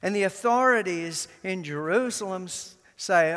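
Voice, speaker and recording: A man preaching a sermon to his congregation, deliberate and emphatic, repeating key words with long pauses. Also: high voice, animated, a bit bright. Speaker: pastor. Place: church sanctuary. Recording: long reverb of a large church.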